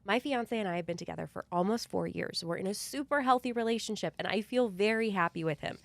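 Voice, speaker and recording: A woman's voice: medium pitch, fast, gravelly, no room sound. Playful blunt young woman podcaster. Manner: laughs often, blunt and playful. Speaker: podcast co-host. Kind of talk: casual podcast chat.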